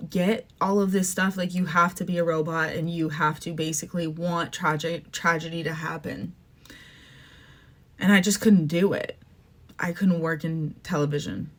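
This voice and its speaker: A young adult woman from Canada hosting a podcast, ranting casually and with emotion, full of "like" and "um". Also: on the low side. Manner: emotional, fast-shifting, says "like" and "um" often. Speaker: podcast host. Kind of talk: casual opinion rant.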